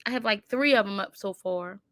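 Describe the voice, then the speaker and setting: A woman's voice: mid-range voice, brisk, fairly bright tone, dry recording, clean studio sound. A woman hosting a casual livestream on her computer, chatting and reciting affirmations with frequent laughs. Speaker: livestream host. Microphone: computer mic.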